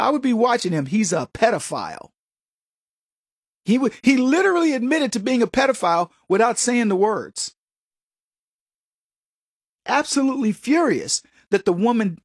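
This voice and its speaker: A man's voice: high voice, no echo, studio quality. A male radio talk show host delivering a political monologue in a conversational, emphatic way, often chuckling at his own asides.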